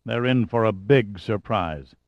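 A man's voice: mid-range voice, animated, moderate pace, dry recording, highs cut off, close to an everyday voice. Man voicing defiant male president, blunt, commanding. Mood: ominous. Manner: blunt, forceful, sometimes shouting.

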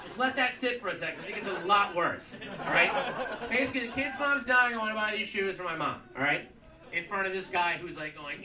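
Audience laughter and crowd noise fill this distant-mic recording of a man's stand-up set, with a live room echo. He speaks at normal speed in a high, lively voice, mocking and swearing as he acts out characters and song lyrics.

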